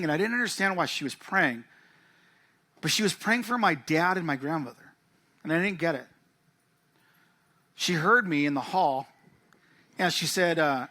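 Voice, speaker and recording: A man's voice: on the high side, bright, forceful tone. A man preaching a sermon, telling a personal story and acting out family dialogue. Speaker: pastor. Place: church.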